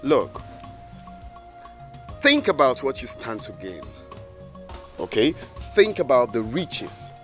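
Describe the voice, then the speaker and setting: A man's voice: mid-range voice, very animated, takes it slowly, pauses often, a bit bright, faint music behind. An actor playing a proud young prince who persuades a woman, speaking in a coaxing, insistent way.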